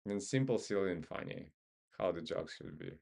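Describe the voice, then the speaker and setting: Man with a Russian accent, deep gravelly voice, unhurried, offhand trading commentary. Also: lively intonation, darkish tone. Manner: laid-back, muttering to himself, joking. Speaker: stock market streamer.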